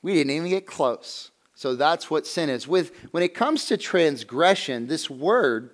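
A man leads a class through a Bible lesson, keeping it conversational by putting questions to them and slowing down on the key phrases he wants to stress. His voice is on the high side, with lively intonation.

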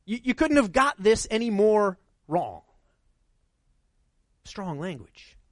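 High-voiced conversational male pastor. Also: sing-song, slow pace, no room sound. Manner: conversational, rhetorical, asks "right?" often. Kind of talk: sermon.

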